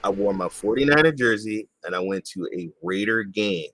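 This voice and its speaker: A man's voice: on the low side, lively intonation, normal speed, fairly bright tone. A middle-aged man co-hosting a gaming podcast in laid-back casual chat, often saying "man" and "bro". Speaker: podcast co-host.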